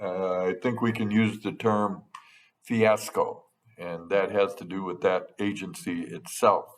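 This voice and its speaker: A middle-aged man, a state legislator, delivering a prepared update to his constituents in a measured, dry manner with touches of sarcasm. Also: deep voice, little pitch movement. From United States.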